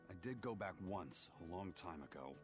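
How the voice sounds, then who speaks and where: A man's voice: low voice, lively intonation, normal speed, music in the background. A man voicing a curt, serious adventurer in a video game.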